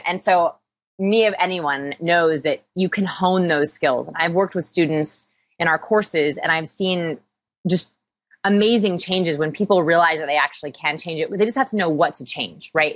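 A woman's voice: lowish voice, normal speed, no room sound. A woman guest in a conversational interview, explaining with upbeat energy and self-deprecating humor. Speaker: interview guest, people-skills researcher.

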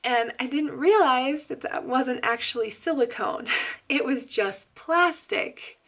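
A young woman telling a story to her vlog camera in a chatty, animated way, laughing often and saying "like" a lot. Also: high-pitched, slow. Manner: animated and loud. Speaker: pregnancy vlogger.

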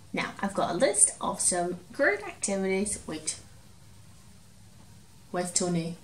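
Expressive woman reading a storybook. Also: mid-range voice, takes it slowly, long pauses, slight background noise. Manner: expressive, dramatic, gentle. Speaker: children's storyteller. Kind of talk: reading a picture book aloud to children. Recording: roomy, distant from mic, faint ambience.

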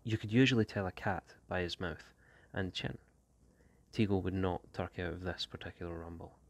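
A man, an English teacher, reading a short story aloud in a steady, unhurried way. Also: deep voice.

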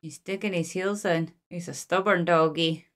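A woman's voice: fairly low pitch, fairly even intonation, moderate pace. A woman hosting a movie reaction, talking to the screen and getting emotional. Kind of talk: casual reaction commentary. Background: film soundtrack music.

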